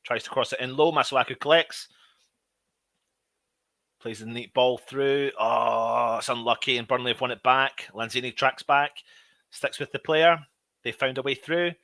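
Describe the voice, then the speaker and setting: A man hosting a live fan watch-along, commentating on the match, shouting at big moments and grumbling at his own players. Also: mid-range voice, normal speed, dry recording. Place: at home.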